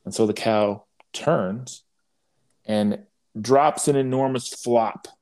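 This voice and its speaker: A man at a middle pitch tells a barnyard parable with a wry, dry humor. He speaks haltingly, restarting his sentences as he goes, in the easy manner of a podcast co-host. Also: a little mellow. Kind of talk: casual conversation and storytelling.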